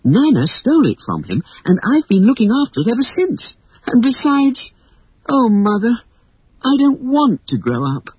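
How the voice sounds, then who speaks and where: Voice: mid-range voice, huge pitch swings, normal speed, husky, no room sound, pitched above the performer's own voice, exaggerated voice, poor audio. A narrator voicing a young girl who pleads defiantly and tearfully. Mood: tearful pleading.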